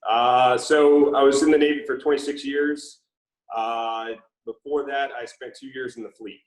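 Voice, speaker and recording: A middle-aged man from Mississippi with a faint Southern accent, a former Navy SEAL telling stories in a relaxed way with many fillers during an interview. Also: mid-range voice, normal speed, roomy sound, poor audio. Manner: relaxed storytelling with frequent fillers. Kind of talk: casual interview conversation.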